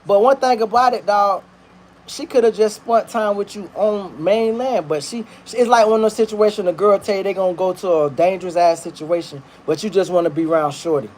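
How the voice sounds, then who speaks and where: A man with a high-pitched voice talks his way through a story in loose, rambling commentary. His delivery is slangy and profane, and he cooks in his kitchen as he goes. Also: brisk, a little mellow, slight background noise. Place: kitchen, cooking while talking.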